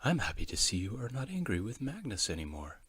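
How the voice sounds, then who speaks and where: A man reading a children's storybook, voicing a wise, gentle little bluebird in a soft, calm voice. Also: fairly low pitch, a little fast, breathy edge, exaggerated voice.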